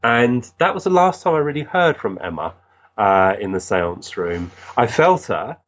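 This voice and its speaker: Male guest, earnest animated storyteller, mid pitch, lo-fi dull audio. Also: normal speed. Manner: earnest, animated, recounting with many restarts. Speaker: guest, physical medium. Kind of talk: storytelling in conversation.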